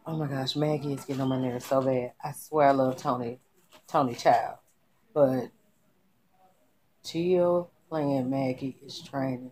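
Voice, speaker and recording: A woman with an unusually deep, low voice recaps a TV drama in loose, slangy commentary. She talks right to her viewers, animated and conversational, with a faint hiss under her voice. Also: measured pace. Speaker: TV show recapper.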